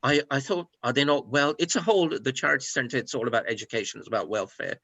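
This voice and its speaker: A middle-aged man from Pakistan speaks as an interview guest with a bright, sharp edge to his voice. He talks from the heart, circling back and repeating phrases. The sound is close and dry. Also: mid-range voice, lively intonation, quick pace, vocal fry, slightly rough, dry recording. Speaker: guest, food and hospitality consultant. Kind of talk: personal interview conversation.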